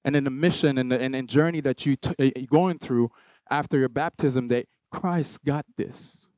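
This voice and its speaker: A young man preaching a sermon at a baptism service, repeating short phrases and building to loud, emphatic peaks. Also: mid-range voice, fairly quick, dry recording. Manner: rhythmic repetition, rising to loud emphatic peaks. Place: church hall with a congregation of about two hundred.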